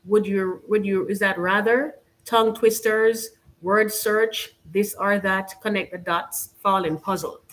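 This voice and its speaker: A woman's voice: medium pitch, fairly even intonation, a little slow, a bit bright. Woman, Jamaican accent, live-stream host, casual show-and-tell, rambling, filler-heavy. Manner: chatty, rambling, many fillers like "you know". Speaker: channel host.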